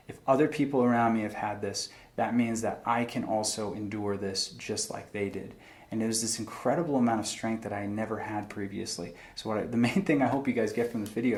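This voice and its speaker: A man's voice: fairly low pitch, a little mellow. A young man giving an earnest, reflective talk to camera about faith and struggle, quoting scripture in a plain-spoken way. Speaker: faith video host.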